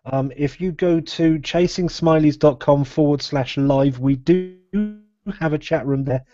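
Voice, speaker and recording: A man's voice: fairly high pitch, unhurried, over music. A man hosting a live podcast, rambling casually and laughing often. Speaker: podcast host. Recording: dull lo-fi live stream audio.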